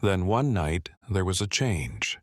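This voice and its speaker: A man narrating a dark story in a steady, even storytelling manner. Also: low voice, slow pace, no room sound, clean studio sound. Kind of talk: scripted narration.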